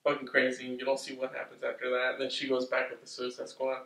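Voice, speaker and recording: A man casually recapping a film's plot, rambling, swearing often and getting excitable. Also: medium pitch, fast, gravelly. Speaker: movie reviewer. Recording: roomy, distant from the mic.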